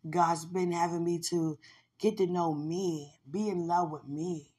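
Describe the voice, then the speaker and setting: A woman's voice: on the low side, fairly even intonation, measured pace, a little mellow, husky. A woman hosting a podcast, talking about her faith in a fervent, emotional way and laughing often. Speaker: podcast host. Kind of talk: devotional personal talk.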